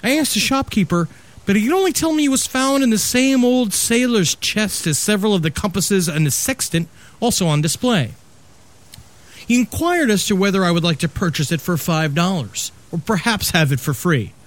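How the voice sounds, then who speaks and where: A man's voice: high-pitched, expressive, moderate pace. A man hosting a comedy podcast, reading a horror story aloud with joking asides.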